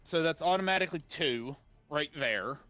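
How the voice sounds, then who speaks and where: A man's voice: fairly high pitch, expressive, moderate pace, bright, forceful tone, dull audio. A man playing a tabletop game, thinking aloud through rules and dice math. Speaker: player.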